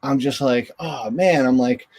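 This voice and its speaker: A man's voice: mid-range voice, unhurried. A middle-aged man, a former hockey goalie, telling stories as a guest on a video call interview, acting out quotes with a raised voice. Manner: animated, acts out quotes in raised voice. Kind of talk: storytelling in an interview.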